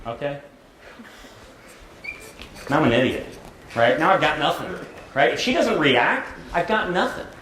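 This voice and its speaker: A man's voice: fairly high pitch, big pitch swings, moderate pace, fairly bright tone, slight background noise. Joking middle-aged man in a roomy hall. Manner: conversational, jokey, keeps asking "right?". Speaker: therapist giving a school talk. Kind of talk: presentation to high school students. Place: large echoey school hall. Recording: roomy hall with faint ambience.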